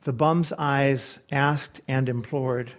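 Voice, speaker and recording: A man's voice: medium pitch, fairly even intonation. Earnest male pastor telling a story. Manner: slow, earnest storytelling that softens to quiet reflection. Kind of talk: sermon with a read-aloud story.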